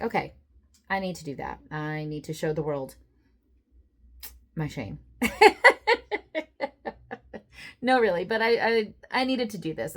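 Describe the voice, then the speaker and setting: A woman book vlogger chatting casually to camera, self-deprecating, with many fillers. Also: fairly low pitch.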